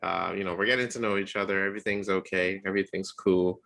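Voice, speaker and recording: A young man co-hosting a podcast, telling a dating story in a casual, animated way and acting out the quotes with a jumping voice. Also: quick pace, creaky. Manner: animated storyteller, acts out quotes with rising pitch. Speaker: podcast co-host.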